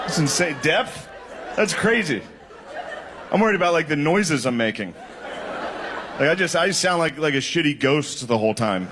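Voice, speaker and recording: A man doing a stand-up set, crude and rambling, laughing through his stories. His voice sits a touch high. The recording is noisy with room ambience. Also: very animated, normal speed, pauses often. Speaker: stand-up comedian.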